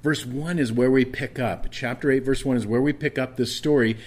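Male pastor, sermon delivery, earnest, halting restarts, drops low on key words. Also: steady tone. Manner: earnest, with frequent restarts and stammered repeats.

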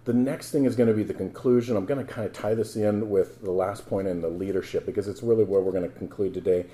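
Male pastor, very dark and mellow tone, conversational sermon delivery that builds into emphatic scripture reading. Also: on the low side, steady tone, fast talker.

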